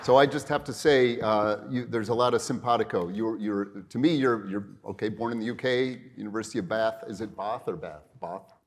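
A middle-aged man with a somewhat low voice hosts an onstage interview at a luncheon. He talks in a loose, rambling way, starting over and tossing in asides as he goes. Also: a little fast, few pauses, a faint crowd, slight background noise. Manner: rambling, full of restarts and asides.

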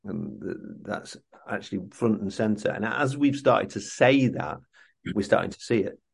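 A man with a low voice hosts an interview. He muses aloud in loose sentences, full of fillers, before he gets to his question. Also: normal speed, vocal fry, husky. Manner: musing, loose phrasing with many fillers. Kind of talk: interview chat.

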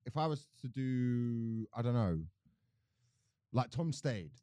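A man's voice: mid-range voice, animated, takes it slowly, dark tone, clean tone, dry recording. Young man, podcast co-host, playful banter, dry booth sound. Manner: joking, slips into impressions and accents. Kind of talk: casual chat.

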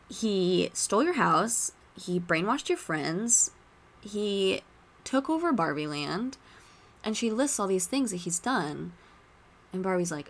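A woman's voice: medium pitch, a little slow, gravelly. Chatty woman podcast host. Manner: chatty, retells scenes with lively asides. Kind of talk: casual podcast chat.

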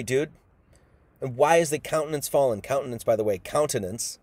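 A man's voice: mid-range voice, fairly quick, darkish tone, no echo. A man giving an informal Bible sermon, casual and emphatic, acting out the people he quotes. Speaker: preacher.

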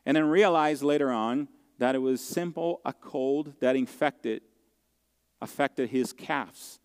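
A man preaching a sermon as pastor, telling a personal story in an earnest, heartfelt way with halting restarts. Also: medium pitch, darkish tone, clean tone, in a large hall.

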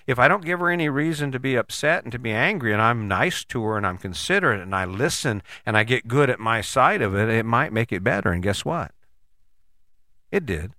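A man's voice: medium pitch, bright, forceful tone, no room sound, clean studio sound. A middle-aged man talking in a blunt, folksy, casual monologue, telling stories with mild cursing.

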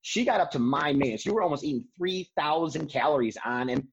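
Husky man hosting a podcast. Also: fairly high pitch, fast talker, muffled recording. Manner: relaxed, joking, supportive interjections. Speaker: podcast host. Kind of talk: casual podcast interview.

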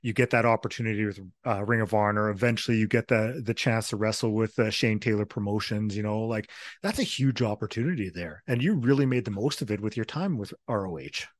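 A low-voiced man hosts the interview, encouraging his guest and filling in with frequent murmurs of agreement. His voice sits close and dry with no room sound. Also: fairly quick, no echo. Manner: encouraging, many backchannel mm-hmms. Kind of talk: casual interview.

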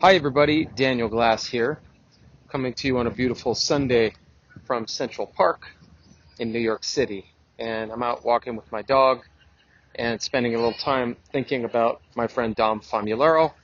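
A man's voice: medium pitch, steady tone, moderate pace, husky. A man speaking reflectively while walking outdoors in a city park, sharing a casual tribute. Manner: reflective and easygoing. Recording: dull lo-fi outdoor recording.

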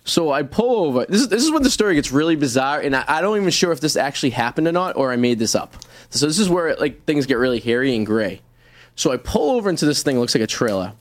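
A man from Revere, co-hosting a studio radio show and telling a long, rambling road-trip story with halting restarts. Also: fairly high pitch, big pitch swings, no room sound. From Revere, Massachusetts. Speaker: co-host. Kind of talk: casual studio radio chat.

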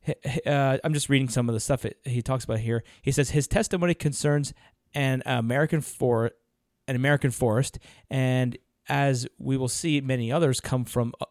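A man's voice: medium pitch, darkish tone, dry recording, studio quality. A man co-hosting a podcast in casual chat, laughing often and reading notes aloud. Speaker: podcast co-host.

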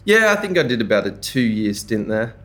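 A young adult man with an Australian accent, a chef talking about his career as a podcast guest in a relaxed, chatty way with lots of fillers. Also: medium pitch, normal speed. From Brisbane, Australia. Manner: easygoing and chatty, with relaxed slang and frequent fillers. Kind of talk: casual conversational interview.

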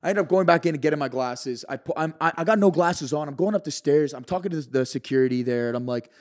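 A man telling a wild story as a podcast guest, his voice sitting a little higher than most men's. He talks in an animated, excitable rush, swearing constantly and tossing in "bro" and "like" all the way through. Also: fast talker. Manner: excitable, profane, peppered with "bro" and "like".

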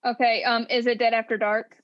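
A playful woman talks books on a podcast, pitched a bit high, and her chat is full of laughs. The recording is dull and lo-fi. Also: level tone, a little fast. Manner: chatty and playful, with frequent laughs. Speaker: podcast co-host. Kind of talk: casual book chat.

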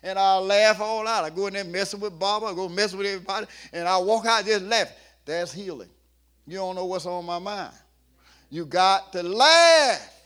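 A man preaching a sermon in a humorous, playful way, coaxing the congregation and building up to shouts at his peaks. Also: high-pitched, steady tone, fast. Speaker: pastor.

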